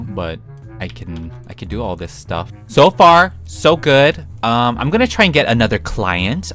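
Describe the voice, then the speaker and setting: A young gaming YouTuber gives playful, chatty commentary on his gameplay, talking to himself as he plays and giggling often. His voice is lowish and a bit bright.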